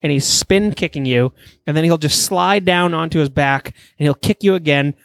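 Excitable, profane man, dry close mic. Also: fairly high pitch, normal speed, gravelly, smooth, no room sound. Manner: profane, enthusiastic, rambling. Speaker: podcast co-host. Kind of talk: casual gaming chat.

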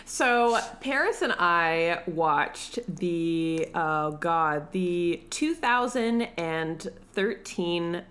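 A woman's voice: on the low side, lively intonation, drawn-out words, hardly any pauses, a bit bright. A woman co-hosting a podcast in casual chat, teasing and crude, with frequent giggles. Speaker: podcast co-host.

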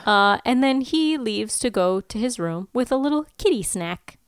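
A woman's voice: a little high, expressive, moderate pace, clean tone, dry recording. A woman co-hosting a podcast, casually recapping a movie's plot and giggling often. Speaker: podcast co-host.

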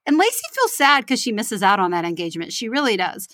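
A woman's voice: mid-range voice, sing-song, quick pace, sharp tone, no echo. A woman co-hosting a podcast in casual chat, chatty, rambling and self-mocking. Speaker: podcast co-host.

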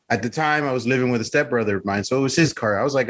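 A man's voice: mid-range voice, very fast, few pauses. A man co-hosting a casual podcast, telling a story with lots of fillers and acted-out quotes. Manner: animated, lots of fillers, acts out voices. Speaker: podcast co-host.

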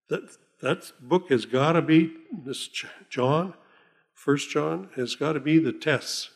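A man's voice: fairly high pitch, creaky. Folksy man giving a casual Bible talk. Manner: folksy, chuckling, reads scripture slowly. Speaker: lay preacher.

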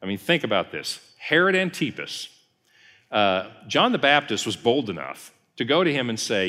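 A pastor gives a conversational teaching sermon at a Bible study session, telling the story and acting out quoted lines. His mid-range voice is bright and forceful with big pitch swings at normal speed, and the recording carries long hall reverb.

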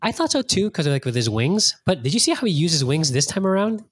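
Animated, profane man hosting a podcast. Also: a little high, fast, husky. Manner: animated and profane, acting out his own reactions. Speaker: podcast host. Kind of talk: casual chat.

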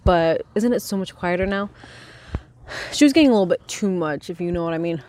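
A young woman vlogging casually by her chicken coop, rambling and swearing as she hushes her hens. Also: on the low side, brisk, a little hiss or hum. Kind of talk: casual chat while reading aloud. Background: faint chicken clucking.

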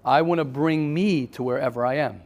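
A man's voice: mid-range voice, moderate pace, gravelly, darkish tone. A man, teaching an informal Torah class in an earnest, emphatic way, repeating his points.

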